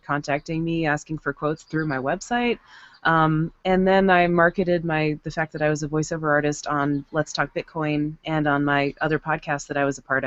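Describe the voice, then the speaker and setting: A woman guest in casual chat about her voice-acting work, bubbly and quick to laugh, heard over a video call. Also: deep voice, no echo. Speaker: podcast guest, voice actor. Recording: dull lo-fi video call audio.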